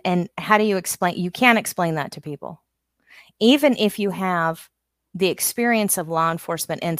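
Woman, middle-aged, low voice, dry close sound, candid storyteller. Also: no room sound. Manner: candid, storytelling, self-interrupting. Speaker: guest. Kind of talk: casual chat.

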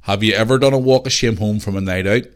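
Northern irish guy in his 30s on his podcast, lowish voice, swearing, rambling stories. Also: fast talker. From Northern Ireland. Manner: swears a lot, rambling storytelling. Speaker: podcast host. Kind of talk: casual chat.

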